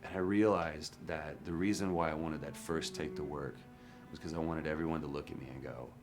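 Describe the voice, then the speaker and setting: A male actor candidly recalling a hard shoot, frank and at times dropping to a hush. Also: extremely low pitch, fairly even intonation, fairly quick. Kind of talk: candid interview recollection. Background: music.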